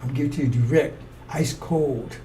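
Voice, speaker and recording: A man's voice: mid-range voice, normal speed, warm tone. A man preaching a rambling, fiery sermon in a blunt, profane way. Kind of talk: fiery street-style sermon. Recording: distant mic with faint noise.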